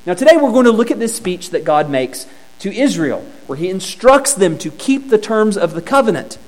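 A male preacher with a high, bright-pitched voice that swoops up and down as he teaches. His sermon delivery is conversational and lightly humorous, and he often doubles back on a word before pushing on. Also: big pitch swings, normal speed. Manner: repeats words as he restarts phrases.

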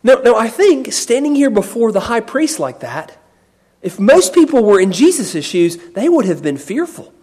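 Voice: medium pitch, sing-song, moderate pace, a little mellow, husky. A Bible teacher giving a sermon, explaining a passage with emphasis and often repeating words.

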